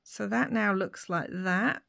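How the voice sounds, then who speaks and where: A woman making a papercraft tutorial at her craft desk, thinking aloud as she works, with fillers and soft whispered asides. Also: mid-range voice, takes it slowly, gravelly. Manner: drops to soft whispers between remarks. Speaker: papercraft vlogger.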